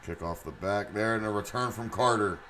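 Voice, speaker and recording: A man giving live play-by-play commentary on a game stream, excitable, with chatty asides. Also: fairly low pitch, a little fast, slight background noise. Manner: excitable, rises to shouts on big plays, chatty asides.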